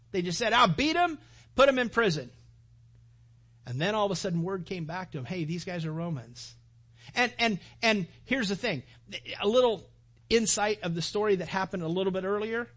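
A male pastor delivers a sermon in a somewhat high, husky voice. He retells the scripture story with lively energy and voices the characters' dialogue as he goes. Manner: animated, acts out the story's dialogue.

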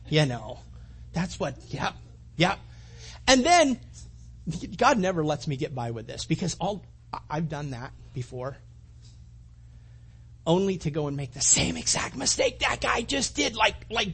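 A man preaching a conversational sermon, animated and full of restarts and acted-out asides. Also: high-pitched, slightly rough. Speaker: pastor.

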